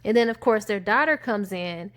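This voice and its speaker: A woman casually retelling a film's plot, acting out the characters' lines in quick quoted bursts. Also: mid-range voice, animated, a bit bright. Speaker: movie reviewer. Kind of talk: casual spoken movie recap.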